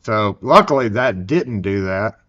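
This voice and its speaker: A man's voice: lowish voice, expressive, measured pace, a bit bright. A man with a Southern US accent hosting a casual live stream, rambling and joking as he chats. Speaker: livestream host. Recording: dull lo-fi sound.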